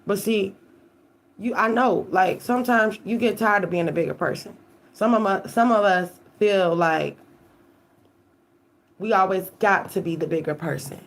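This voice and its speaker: A woman's voice: medium pitch, measured pace, pauses often. A woman tarot reader giving an emphatic, profane live-stream monologue, often checking in with "okay?".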